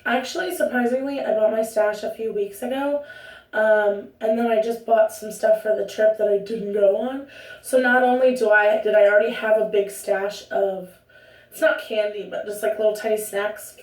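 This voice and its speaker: This young woman vlogs from home in a chatty, rambling style full of self-interruptions, using a medium pitch, steady tone and moderate pace. The recording has roomy echo, with her positioned far from the microphone.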